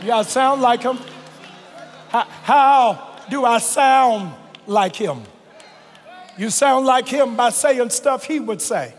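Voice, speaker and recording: A man pastor preaching a fervent sermon, stretching and shouting phrases and calling on the congregation to answer. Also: very high voice, takes it slowly, soft background music, some chatter behind. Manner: colloquial, calls on the congregation to respond. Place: large church sanctuary. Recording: reverberant large hall, live church recording.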